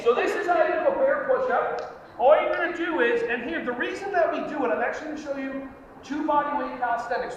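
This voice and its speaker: A man leading a live fitness workshop for teachers, energetic and joking as he coaches the group through movements. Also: very high voice. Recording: echoey hall, distant lo-fi mic, noisy.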